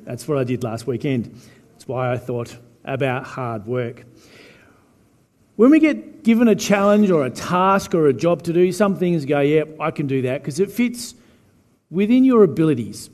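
A man's voice: fairly high pitch, animated, normal speed, a little mellow. A man preaching a chatty, joking sermon as pastor. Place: church hall. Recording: reverberant church hall.

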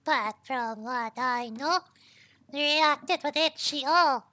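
A woman's voice: high voice, takes it slowly, sharp tone, no room sound. A woman streamer giving casual game commentary, thinking aloud as she tries things, swearing freely and tacking "yo" onto her lines.

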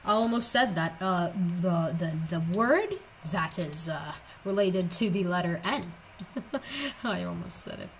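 A woman's voice: fairly low pitch, lively intonation, normal speed, a bit bright, low-quality recording. A young woman streaming a building game, jumpy and joking, cutting in with slangy, self-mocking asides. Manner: slangy, casual. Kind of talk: live gameplay commentary.

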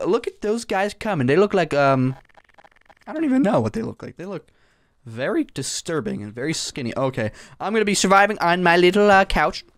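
Young male gaming commentator, lively and high-pitched, prone to panicked yelps. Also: dry recording. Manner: excitable, panicky yelps and shouts. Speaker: gaming YouTuber. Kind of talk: sandbox game commentary.

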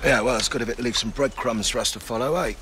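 A man's voice: mid-range voice, quick pace, noisy background, lightly acted. A man voicing a blunt, swearing army sergeant in a fan dub of film scenes. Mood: commanding. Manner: gruff, swearing, commanding. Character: hardened male army sergeant, middle-aged, blunt. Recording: loud background film music.

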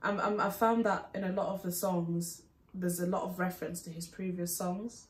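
A woman's voice: fairly low pitch, level tone, moderate pace. A young British woman chatting casually as co-host of a music reaction, rambling with many fillers. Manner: rambling, filler-heavy, soft-spoken. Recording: roomy with faint noise.

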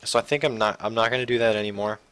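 A young man talking casually while playing a building game, rambling and restarting his sentences, low-key with sudden excited outbursts. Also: very fast, smooth, dry recording. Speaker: gaming channel host. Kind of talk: casual Minecraft let's play commentary.

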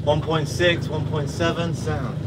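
A man's voice: fairly high pitch, steady tone, a little slow, very noisy. A man hosting a fishing livestream, chatting casually with viewers outdoors on a small boat. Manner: chatty, reads out viewer comments, friendly slang. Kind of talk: casual live-stream chat with viewers. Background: boat engine and water.

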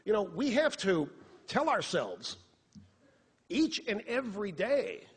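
Husky-voiced man with a lively delivery. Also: sits high, slow pace. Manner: animated, sarcastic, rhetorical. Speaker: radio talk show host on stage. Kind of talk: live political monologue. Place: theater stage before an audience. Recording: long reverb of a theater hall.

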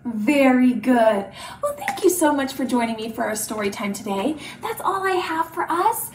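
A woman's voice: high voice, very animated, normal speed. A woman librarian leading a children's storytime activity, gasping and exaggerating every reaction for small children. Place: library room. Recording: roomy and distant, faint hiss.

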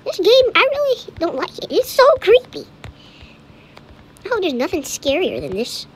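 A young woman giving lively running commentary on a scary game as host of a gaming channel, chatty and jumpy. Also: very high-pitched, moderate pace, slight background noise. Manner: excitable, jumpy, chatty, yelps and laughs at scares. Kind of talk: live gameplay commentary.

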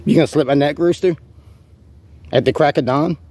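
A man with a husky, slightly rough voice delivers a rambling, profane rant straight to camera. He taunts and challenges an unseen rival as he goes. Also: fairly high pitch, a little fast, warm tone. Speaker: vlogger.

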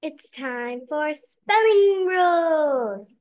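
A woman putting on a cheery childlike announcer voice, slow and sing-song. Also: sits high, expressive, voice pushed up, exaggerated voice. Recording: dull lo-fi audio.

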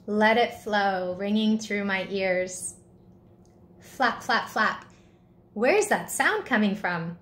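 A woman narrating a children's story in a gentle reading voice. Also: medium pitch, animated, slow, long pauses.

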